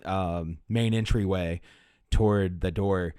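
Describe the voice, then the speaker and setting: Male game master, hesitant narrator, low, dry. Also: fairly even intonation, takes it slowly, mellow, clear, resonant tone, dry recording. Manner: hesitant, many fillers and restarts.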